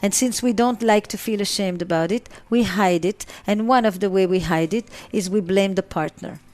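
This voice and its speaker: A woman's voice: medium pitch, normal speed, darkish tone, faint music behind. A middle-aged woman speaks as a psychotherapist in an interview. Her delivery is emphatic, and she often repeats a phrase to drive it home. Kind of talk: interview answers.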